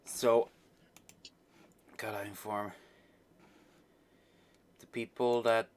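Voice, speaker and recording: A man reading a webcomic aloud on a live stream, chatting in a relaxed way between lines. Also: on the low side, very slow, clean tone.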